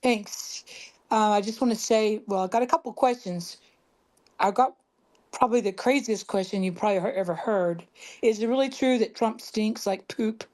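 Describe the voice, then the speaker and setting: A woman's voice: medium pitch, moderate pace, a little mellow. Chatty Southern woman caller. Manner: chatty, apologetic, giggly. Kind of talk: casual call-in chat.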